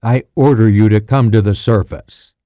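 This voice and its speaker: A man's voice: on the low side, normal speed, dark tone, dry recording, close to an everyday voice. A male narrator voicing a tense soldier officer who gives insistent orders over a radio. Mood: commanding. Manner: commanding, insistent.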